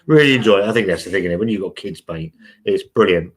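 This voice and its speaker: A man's voice: low-pitched, animated, fast talker, husky. Chatty man hosting a live stream. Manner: chatty, blunt and sweary, calls everyone mate. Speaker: live stream host reading chat. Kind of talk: casual live stream chat.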